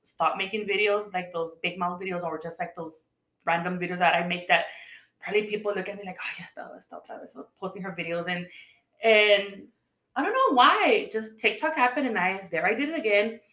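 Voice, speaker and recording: A woman's voice: medium pitch, normal speed, a bit bright. A woman in casual podcast chat, telling stories in a chatty way and acting out the voices of people she quotes. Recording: echoey room.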